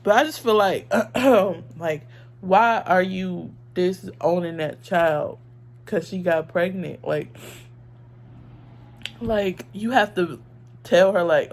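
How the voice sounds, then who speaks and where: A woman's voice: on the low side, takes it slowly, pauses often. Young woman vlogger, casual earnest opinion talk, emotional, filler-heavy.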